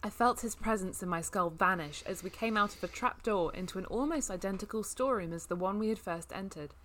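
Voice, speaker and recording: A woman's voice: medium pitch, brisk, a bit bright. A woman reading a novel aloud as a comedy bit, with laughing asides. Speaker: reader.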